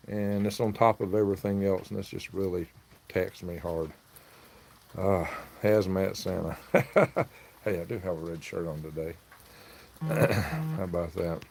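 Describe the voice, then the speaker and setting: A man's voice: low-pitched, creaky, a little mellow. A man hosting a casual livestream, telling a rambling, aggrieved story. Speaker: livestream host selling worms.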